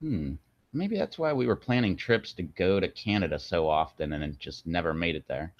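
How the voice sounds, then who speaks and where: An animated male channel host rambles on a video stream at normal speed, joking around and filling gaps with fillers in casual chat. His audio is low-fidelity, dull, and dry, with no echo.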